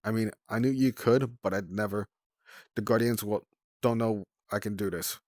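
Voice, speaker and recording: A man's voice: fairly low pitch, moderate pace, darkish tone, dry recording, studio quality, lightly acted. A man voicing a small, worried young female sand dragonet in a storybook, with a slightly raised delivery.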